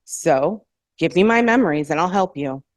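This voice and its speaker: A woman's voice: on the low side, animated, moderate pace, no echo, clean studio sound, natural voice. A woman voicing a smirking, self-assured woman thousands of years old who wields fire, reading her lines in a novel. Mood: defiant. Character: defiant ancient woman with fire powers.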